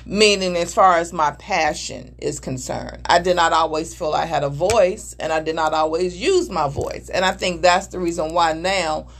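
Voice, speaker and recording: A woman's voice: on the low side, moderate pace, hardly any pauses. A middle-aged woman speaking candidly and emphatically in a conversation, now and then acting out other voices. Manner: earnest, emphatic, acts out voices mid-story. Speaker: married panelist discussing communication.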